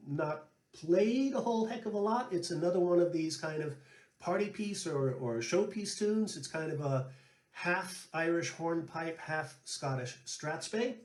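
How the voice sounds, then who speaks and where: Chatty man telling stories in echoey room. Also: a little high. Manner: chatty, anecdotal, relaxed. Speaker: flute player and show host. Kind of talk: storytelling and music tips.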